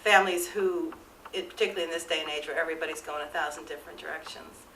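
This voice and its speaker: Interview subject: a woman with a low, bright voice who speaks earnestly. She is recorded from a distance in an echoey room with faint ambience. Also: fairly even intonation, very fast, a little hiss or hum. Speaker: interviewee, theatre supporter. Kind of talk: reflective interview talk.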